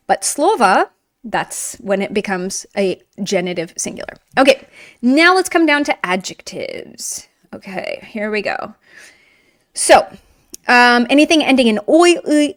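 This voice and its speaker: A woman's voice: a little high, no echo, studio quality. A woman teaching a video language lesson in an upbeat, encouraging, chatty way while writing on a board.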